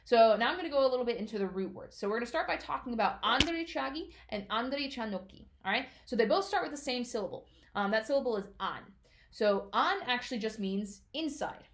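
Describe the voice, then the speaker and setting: A woman's voice: on the high side, lively intonation, very fast. A woman teaching as a martial arts instructor, explaining patiently and checking in often with "all right?".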